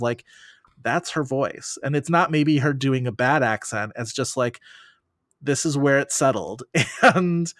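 A man guesting on a podcast, chatting casually and riffing in long, animated run-on thoughts full of "like"s. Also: mid-range voice, dry recording, clean studio sound.

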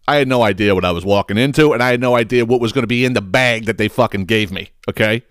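A man from the United States hosting a podcast, telling a comedic story in a profane, animated way with stammering restarts. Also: medium pitch, quick pace, hardly any pauses, smooth, dry recording, clean studio sound. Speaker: podcast host.

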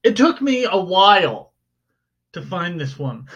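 A man's voice: sits high, sing-song, a little slow, fairly bright tone, husky. A man co-hosting a podcast, making jokes in casual banter. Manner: jokey, playful, switches into mock newsreader voice. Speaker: podcast co-host. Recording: dull lo-fi home recording.

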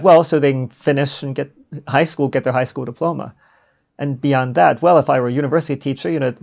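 A man's voice: a little high, creaky, a little mellow. A middle-aged man hosting a reflective solo podcast monologue, musing and posing rhetorical questions he then answers himself. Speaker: podcast host. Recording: muffled lo-fi recording.

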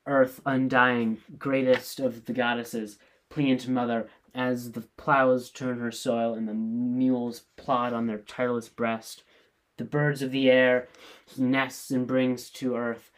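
A solemn chorus of elders recites slowly and in a measured way, read by a man. The voice stays in a middle register. It sounds like verse from a stage play read aloud. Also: medium pitch, level tone, natural voice, poor audio. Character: solemn chorus of old men.

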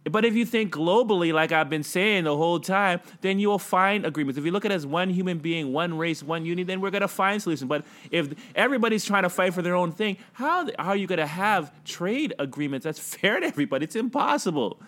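Casting note: high-pitched man, playful co-host, stammers through jokes in casual chat. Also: animated, fast, hardly any pauses, fairly bright tone. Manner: playful, jokey, stammering restarts. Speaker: podcast co-host. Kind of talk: casual round-table chat.

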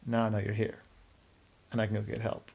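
A man voicing a calm, practical creature who reassures a stranded sailor in a storybook tale. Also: on the low side, brisk, gravelly, slightly rough. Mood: reassuring.

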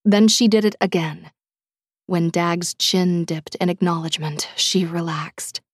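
A woman's voice: fairly low pitch, dry recording. Woman narrating an audiobook, dry sound. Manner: measured, dramatic reading with hushed moments.

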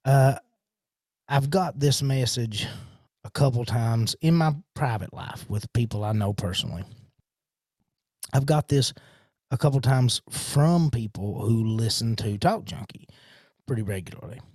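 A man's voice: mid-range voice, measured pace, darkish tone, no echo. A man hosting his own podcast, rambling in a casual train of thought with lots of restarts and fillers, into a studio mic. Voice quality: self-described horrible accent. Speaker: podcast host.

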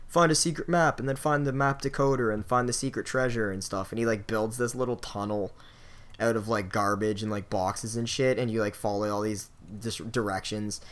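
A young man with a slightly low voice hosts a casual podcast chat. He rambles through a story, swears freely and pads his sentences with filler words. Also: steady tone, moderate pace. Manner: loose, profane, filler-heavy storytelling. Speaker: podcast host.

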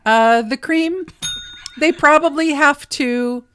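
A woman's voice: sits high, slow, a bit bright. Chatty middle-aged woman podcast co-host. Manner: chatty, laughs easily, trails off mid-sentence. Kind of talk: casual chat.

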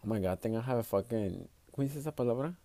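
This podcast host races along in an expressive, warm, medium-pitched voice with no room sound. Talking by himself in a casual monologue, he's blunt and profane, swapping between Spanish and English.

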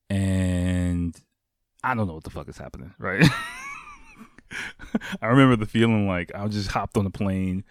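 A man's voice: fairly low pitch, lively intonation, unhurried, long pauses, dry recording, studio quality. A young man casually telling a story, rambling, swearing freely and leaning on fillers.

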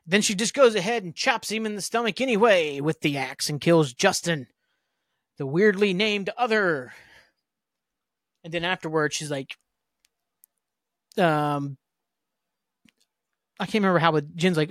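Here a man with a high, slightly bright voice recaps a podcast episode in a loose, wandering way, leaning on fillers and dropping an occasional curse word. His pace is moderate but broken by long pauses, and the recording is dry, clean studio sound.

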